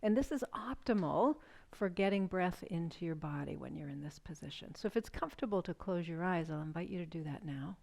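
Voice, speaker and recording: Calm woman guiding chair yoga breathing. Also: on the low side, fairly quick, vocal fry, few pauses. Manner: calm, gentle, inviting questions. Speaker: yoga instructor.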